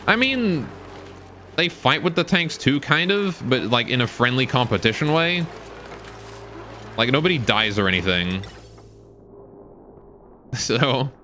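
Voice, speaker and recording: A man's voice: mid-range voice, sharp tone, a little hiss or hum. A man from Britain whose accent has turned mostly Canadian, chatting casually and rambling on a live game stream while answering viewer questions. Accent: British, now mostly Canadian.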